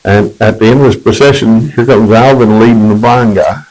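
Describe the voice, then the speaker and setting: A man's voice: lowish voice, steady tone, normal speed, darkish tone, poor audio. A man telling his personal testimony in a rambling, conversational way, correcting himself as he goes.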